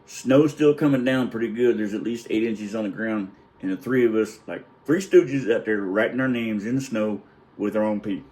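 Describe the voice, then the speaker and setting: A man's voice: on the low side, moderate pace, a little mellow, poor audio. A middle-aged man telling a crude family story in a loose, rambling way, laughing as he goes. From Illinois, United States. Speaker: storyteller, vlogger. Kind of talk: casual storytelling.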